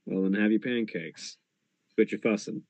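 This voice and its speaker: A man playing a tabletop role-play game, speaking calmly in character with dry, teasing remarks. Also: fairly low pitch, normal speed, no echo.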